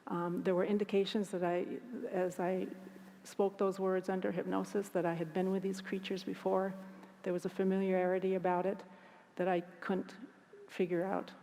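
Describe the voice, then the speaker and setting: An earnest woman recounts a personal experience to a conference audience. Her voice is mellow and gravelly, and she often stops to restart a sentence. The sound carries the long reverb of a large hall. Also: medium pitch, level tone, slight background noise. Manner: earnest, halting with frequent restarts. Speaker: conference speaker. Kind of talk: personal storytelling talk.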